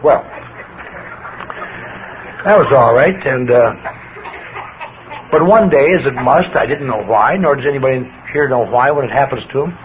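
An older man giving a plainspoken personal testimony to a recovery group, his voice swinging with emotion as he tells his story. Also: a little high. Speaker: recovery speaker. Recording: dull lo-fi recording with faint hiss.

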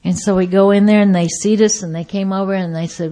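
A woman tells her personal recovery story at a meeting, voicing the people in it and shifting between loud outbursts and hushed asides. Her medium-pitched voice moves briskly with fairly even intonation.

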